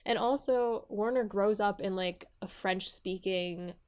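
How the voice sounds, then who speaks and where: A young woman in her twenties chatting on a podcast. She talks in a loose, casual way, full of fillers and restarts. Her voice sits at an ordinary middle pitch for a woman. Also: a little slow, a little mellow. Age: 20s. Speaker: podcast co-host. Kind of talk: casual chat.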